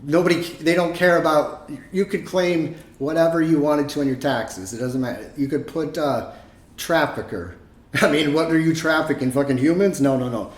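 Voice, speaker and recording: A man's voice: fairly high pitch, moderate pace. Profane, rambling man in a roomy echo. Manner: profane, rambling, animated storytelling. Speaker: podcast co-host. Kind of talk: casual podcast chat.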